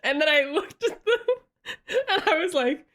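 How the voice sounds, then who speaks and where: Woman streamer, casual chat, lively swooping voice, slightly high, giggly, close desk mic. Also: moderate pace. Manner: chatty, reads chat aloud, giggly animated storytelling. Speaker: livestreamer.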